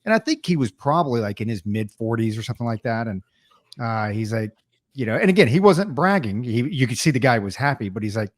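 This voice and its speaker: A man's voice: mid-range voice, fast talker, no echo, clean studio sound. A man hosting a podcast, telling a story casually and acting out the voices of the people in it. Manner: storytelling, animated quoting of others. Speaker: podcast host. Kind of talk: casual chat.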